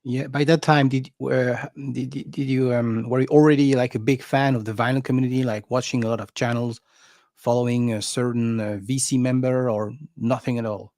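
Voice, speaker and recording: A man hosting a live stream, asking questions in a halting, stumbling way. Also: mid-range voice, flat delivery, a little mellow, no echo, clean studio sound. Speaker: host. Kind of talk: casual chat on a live stream.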